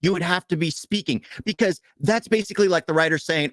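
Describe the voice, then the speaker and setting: A man on a casual movie-review podcast, ranting in an animated, exasperated way. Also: on the high side, dry recording, studio quality. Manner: animated, exasperated, rapid complaining. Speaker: podcast co-host.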